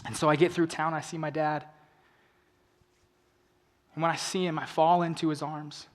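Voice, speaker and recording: A man's voice: flat delivery, normal speed. Earnest male speaker in a reverberant hall. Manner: earnest storytelling, dropping to hushed emotional lows and rising to urgent appeals. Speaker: motivational speaker. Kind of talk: inspirational stage talk. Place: large event hall on stage. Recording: long reverb of a large hall.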